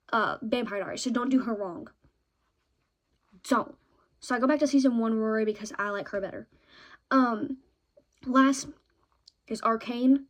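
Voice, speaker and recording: A young woman vlogging in a chatty, excitable way about her favorite shows and books, often ending points with "okay?". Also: a little high, unhurried, long pauses.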